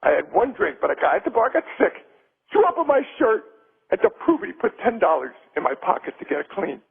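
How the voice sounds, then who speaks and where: A brash man on a tinny phone line, his voice pitched unusually high and gravelly, swooping all over as he banters and rambles through a joke. He sounds like a comic caller on a radio show. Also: sing-song, a little fast. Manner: brash, bits of mimicry and rambling jokes. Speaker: phone-in guest.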